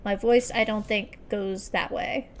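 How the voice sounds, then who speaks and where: A woman's voice: medium pitch, fairly even intonation, measured pace, a little hiss or hum. A young woman streamer chatting casually and self-deprecatingly while playing, muttering at the game.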